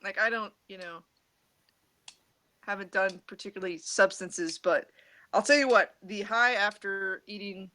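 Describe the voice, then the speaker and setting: A man's voice: sits high, steady tone, a little slow, sharp tone, poor audio. A man telling a rambling story in casual chat over a video call, audio glitching robotically at times. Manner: rambling storyteller, many restarts and "like". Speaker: friend in a group video call. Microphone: computer mic on a video call.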